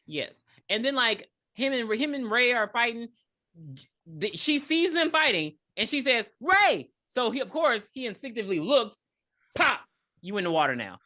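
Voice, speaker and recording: A woman co-hosting a podcast, casually retelling a movie's plot in a blunt, animated way with cursing. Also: fairly high pitch, normal speed. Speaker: podcast co-host. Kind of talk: casual chat recapping a movie.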